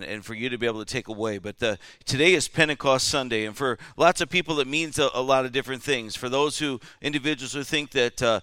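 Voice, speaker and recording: A man's voice: medium pitch, sharp tone, clear, resonant tone, no echo, studio quality. A man preaching a Pentecost Sunday sermon, leading call-and-response and checking in with the congregation as he goes. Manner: repeatedly asks "all right?" of the listeners. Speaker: pastor. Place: church service.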